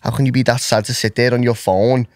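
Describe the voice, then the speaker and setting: A man's voice: medium pitch, steady tone, fast talker, no room sound. A young man guesting on a podcast, easygoing, repeating himself, saying "innit" and "you know what I mean". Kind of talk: casual chat.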